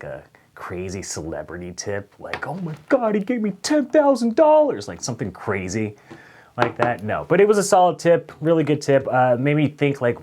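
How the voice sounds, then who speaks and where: A young man telling a funny story straight to camera, swinging from loud acted-out outbursts to low mutters. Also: slight background noise. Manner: animated, swings between loud outbursts and mutters, acts out voices. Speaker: storyteller vlogger.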